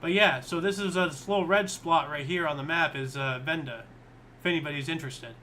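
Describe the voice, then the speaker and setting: A man's voice: on the high side, fairly quick, sharp tone, slight background noise. A man co-hosting a history show, chatting casually and thinking aloud as he reads. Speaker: co-host.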